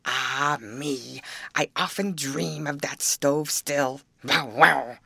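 A woman voicing a hoarse old male yard dog who grumbles on like a wise old-timer in a storybook, with a low, barking voice. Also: slow, pushed and bright, no room sound, exaggerated voice. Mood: gruff.

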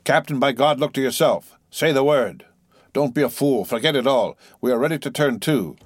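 A defiant ringleader of mutinous sailors, as a male reader puts him on, rough and bold, throwing challenges in old sea talk. the voice sits raised above the reader's own and carries a forceful edge, recorded dry and close. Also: medium pitch, moderate pace, no room sound, voice pushed up, natural voice.

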